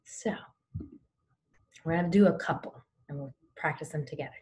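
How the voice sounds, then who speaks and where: A woman teaching artist leading a home lesson, lively and encouraging as she demonstrates each exercise. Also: deep voice, moderate pace. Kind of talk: guided lesson for kids at home.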